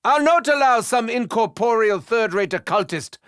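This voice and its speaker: An actor playing an unhinged, theatrical male German scientist in a game, with a German accent, shouting taunts and muttering erratically. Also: lively intonation, normal speed, no echo, clean studio sound. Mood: scheming. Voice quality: gravelly, wildly swooping pitch. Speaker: game character voice lines.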